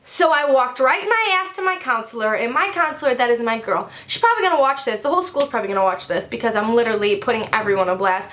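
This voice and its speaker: A teenage girl vlogger telling a storytime rant, animated, heated and full of profanity. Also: on the high side, fast talker, slight background noise. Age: teens.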